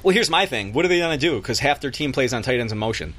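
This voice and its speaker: A man's voice: mid-range voice, expressive, quick pace, a bit bright. A man telling long rambling stories in casual chat on a podcast. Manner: rambling storyteller, laughs at own stories.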